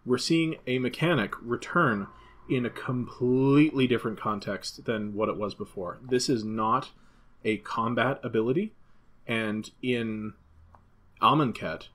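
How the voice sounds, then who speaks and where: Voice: mid-range voice, measured pace, fairly bright tone. A podcast co-host in casual chat who thinks aloud, with frequent fillers and restarts. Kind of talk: casual podcast chat about a card game.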